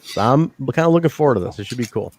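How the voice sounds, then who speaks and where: A man's voice: medium pitch, animated, rapid-fire, no room sound. Chatty man host, dry close sound. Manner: chatty, swearing, laughs often. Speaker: podcast host. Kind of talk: casual wrestling review chat. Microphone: wearing a wrestling mask over his face.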